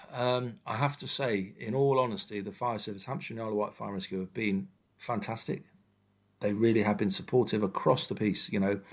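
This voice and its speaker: A man in his fifties, a firefighter guest speaking frankly and haltingly with many fillers in an interview. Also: on the low side, vocal fry, breathy edge. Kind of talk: candid personal interview.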